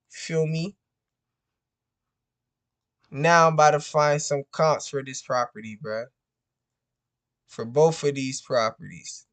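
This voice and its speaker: Slow-talking, venting man vlogger. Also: on the high side, a bit bright. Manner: frustrated, repetitive, peppers every phrase with "bro". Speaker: real estate wholesaler vlogger. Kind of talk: casual profane venting to camera.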